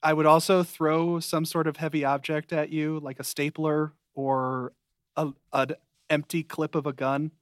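A young man co-hosting a podcast, recapping a sitcom in a casual, dry, rambling way with quick asides. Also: fairly high pitch, little pitch movement, clear, resonant tone, no echo. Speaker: podcast co-host. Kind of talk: casual chat.

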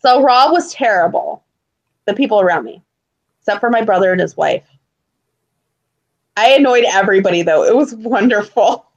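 A young woman co-hosting a casual chat, telling stories with lively, acted-out quotes. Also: medium pitch, normal speed, pauses often, lo-fi sound. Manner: animated storyteller who acts out loud quotes. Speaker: podcast co-host.

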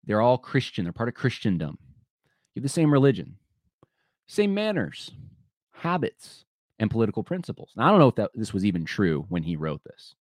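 Male podcast host with a lowish voice, dry close sound, rambling and conversational. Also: sing-song, fairly quick, no echo. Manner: thinking aloud, rambling with frequent restarts; conversational, addresses listeners directly. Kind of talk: solo commentary podcast.

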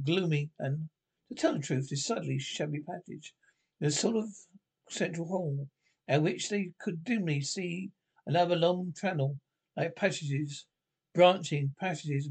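A man reading a classic children's novel aloud, halting and correcting himself often. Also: a little high, creaky, a little mellow, breathy edge. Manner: halting, with frequent self-corrections. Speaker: narrator. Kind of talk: audiobook narration.

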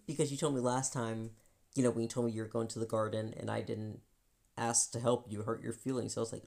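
A woman co-hosting a podcast, talking candidly about feelings in an animated way, often acting out voices and laughing. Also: extremely low pitch, brisk, creaky. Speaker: podcast co-host. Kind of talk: candid personal chat.

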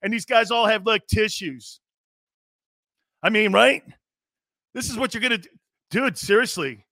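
A man's voice: high-pitched, unhurried, no echo, clean studio sound. A middle-aged man hosting a sports radio show, brash and mocking as he rants in an opinionated monologue. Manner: brash, mocking, animated, puts on jeering voices.

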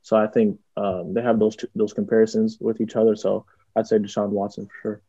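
A young college football player answers interview questions casually, with plenty of ums and restarts. His voice sits on the low side, level and warm with a breathy edge, and he talks a little fast. The audio is dull and lo-fi, with no room sound.

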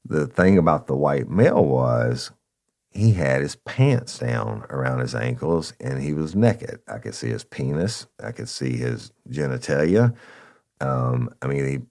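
A man's voice: a bass voice, a little slow, creaky. A man, a former police officer casually telling a story from his patrol days in a conversational way. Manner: conversational, addresses listeners as y'all, animated retelling.

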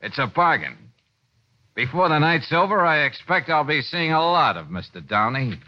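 A man playing a brisk, tough detective who talks in clipped wisecracks, in 1940s radio acting. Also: a little high, sing-song, noisy background. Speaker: lead detective. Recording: lo-fi old radio broadcast with music.

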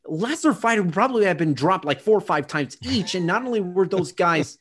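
A man in his twenties co-hosting a podcast, excitable and informal in casual chat. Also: sits high, a little fast, husky. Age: 20s.

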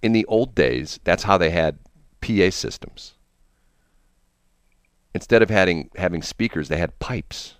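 A middle-aged man hosts a morning radio show with a very low, deep voice. He rambles through anecdotes stuffed with fillers and asides. The studio mic sounds close and dry. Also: unhurried, pauses often, clear, resonant tone, no room sound. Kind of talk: casual on-air chat and storytelling.

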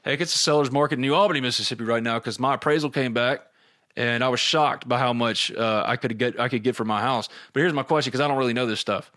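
A man's voice: medium pitch, fast, pushed and bright. A middle-aged man hosting a podcast, chatting casually and reading listener questions aloud.

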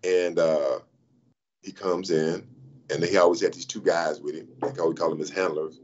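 A man in his sixties telling stories as an interview guest, animated, with frequent restarts and repeated "I mean". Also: deep voice, moderate pace, lo-fi sound, slight background noise. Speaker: interview guest, former pro athlete. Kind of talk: animated storytelling in conversation.

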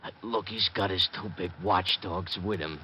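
An actor playing a nervous, dim-witted small-time crook in a 1940s radio drama, pleading and jittery. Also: male voice, deep voice, moderate pace, pushed and bright, slight background noise. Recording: dull old radio recording.

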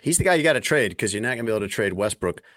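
A man hosts a casual sports podcast, his voice sitting on the low side. He is wry in delivery, and the recording is dry and close with no room sound. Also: lively intonation, very fast, a bit bright, dry recording.

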